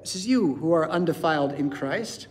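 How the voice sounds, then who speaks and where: A man's voice: fairly high pitch, expressive, normal speed, a little hiss or hum. A male pastor preaching a sermon in a church, conversational, often checking in with "right?" and "yeah?".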